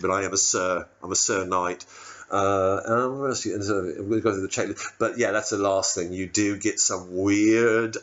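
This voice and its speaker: A man's voice: low voice, a bit bright. A male comedian playing a pompous, rambling former prime minister, in a dull lo-fi live recording. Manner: rambling, pompous, mock-solemn. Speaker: stand-up comedian. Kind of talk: satirical stand-up impression.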